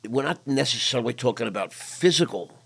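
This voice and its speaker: A man's voice: mid-range voice, animated, fairly quick, creaky, fairly bright tone, breathy edge. An older man hosting a casual interview, talking bluntly and candidly about his own past. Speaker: podcast host.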